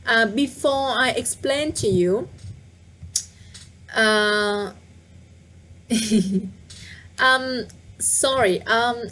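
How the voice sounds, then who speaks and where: A woman's voice: a little high, sharp tone. Woman teaching, patient and repetitive. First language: Vietnamese. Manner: patient, repeats words slowly, asks viewers to guess. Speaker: Vietnamese teacher. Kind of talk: live online language lesson.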